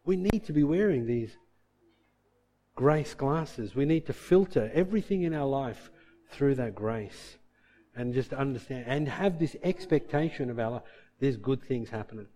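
A man's voice: mid-range voice, moderate pace, warm tone. A middle-aged man preaching a sermon as pastor, earnest and impassioned, often acting out the voices of believers.

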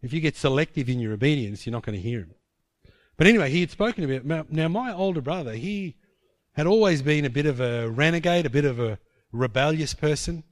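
A man's voice: fairly high pitch, animated, fairly quick, dry recording, studio quality. A man preaching a sermon, telling a personal story in vivid scenes, often restarting his sentences.

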